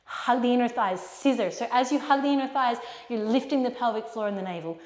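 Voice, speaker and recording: A woman leading a yoga class, giving gentle, encouraging cues for poses and breaths. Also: fairly high pitch, brisk. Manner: gentle encouraging cues, calls students "my friends" and "yogis". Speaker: yoga instructor. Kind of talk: guided yoga class instruction. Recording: echoey room with long reverb.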